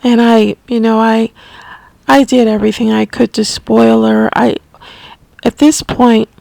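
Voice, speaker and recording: A woman telling a personal story as a caregiver, unscripted, halting and restarting often. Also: medium pitch, gravelly, no room sound. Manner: halting, with frequent restarts and soft asides. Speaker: family caregiver sharing memories.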